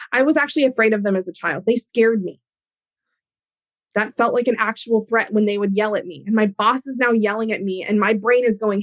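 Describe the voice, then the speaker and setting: A woman hosting an educational podcast, explaining ideas in an animated way with everyday examples. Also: medium pitch, dry recording. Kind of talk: teaching talk on a podcast.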